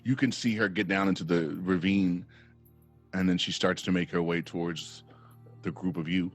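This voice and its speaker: A man's voice: low voice, fairly even intonation, moderate pace, faint music behind. A man narrating a tabletop game as game master with dramatic, descriptive narration.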